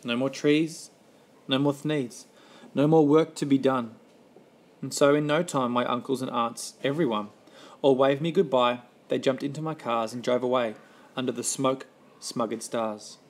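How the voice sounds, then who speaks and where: A man reading a rhyming children's story aloud with a lively, rhythmic delivery. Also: mid-range voice, a little slow.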